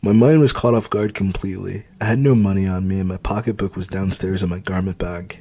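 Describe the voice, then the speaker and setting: A man reading his own novel aloud as audiobook narration, in steady first-person storytelling. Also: low voice, a little fast, hardly any pauses, slight background noise.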